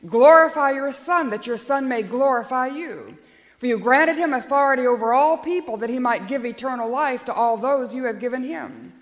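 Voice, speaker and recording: A woman's voice: sits high, normal speed, long reverb tail. A woman preacher delivering an earnest, emphatic sermon and prayer in a church.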